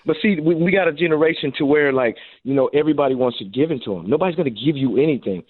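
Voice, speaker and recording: A man's voice: a little high, rapid-fire, no echo. A middle-aged former football receiver and coach, calling in to a radio interview. He tells his stories with energy and acts out the things he said to people. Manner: animated storyteller, acts out his own quotes. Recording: tinny phone line.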